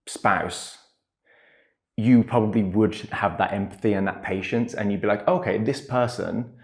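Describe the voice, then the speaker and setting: A man, co-hosting a casual chat and speaking in an earnest, reflective, measured way. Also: lowish voice. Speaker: podcast co-host, coach.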